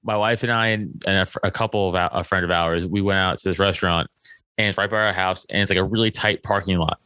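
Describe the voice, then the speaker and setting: A young man from Staten Island, a comedian guest, telling stories in a casual interview, animated and profane with many filler likes. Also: sits low, fast talker, smooth, dry recording. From Staten Island, New York.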